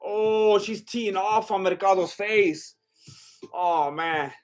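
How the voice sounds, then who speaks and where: A man's voice: high-pitched, slow pace. A young man giving casual live fight commentary as a streamer, exclaiming at big shots and chatting with his viewers.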